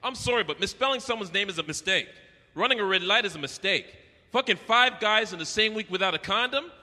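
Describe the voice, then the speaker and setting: Performing crude, brash stand-up live, this Canadian man slips into different voices along the way. He talks briskly in a high, animated voice that sounds pushed and bright. Faint noise and echo from the hall come through in the recording.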